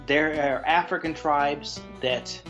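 A man co-hosting a podcast, telling a crude story in a rambling, animated way with lots of restarts. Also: a little high, takes it slowly, muffled recording, soft background music. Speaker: podcast co-host. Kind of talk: casual chat, storytelling.

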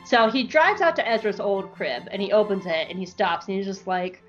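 A woman's voice: medium pitch, normal speed, hardly any pauses. A young woman co-hosting a podcast, telling a comedic fan-fiction story with giggles and swearing. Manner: giggly, profane, animated storyteller. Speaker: podcast co-host. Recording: muffled podcast audio, faint music.

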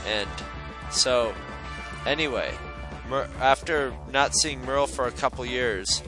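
Animated man telling a story. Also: medium pitch, a little slow, music in the background, poor audio. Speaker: podcast host. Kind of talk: casual storytelling.

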